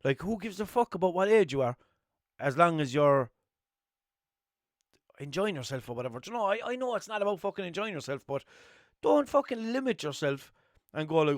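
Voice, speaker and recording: A man's voice: sits high, very animated, brisk, vocal fry, dry recording, clean studio sound. A young man from Limerick with an Irish accent, talking in a rambling, swearing, self-mocking way as a podcast host. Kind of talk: casual solo monologue.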